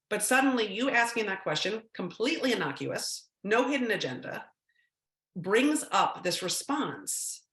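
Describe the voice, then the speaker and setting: A woman's voice: medium pitch, a bit bright, echoey room. A woman giving a talk to parents, conversational and often checking in with "right?", now and then acting out short quotes. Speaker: speaker on teen mental health.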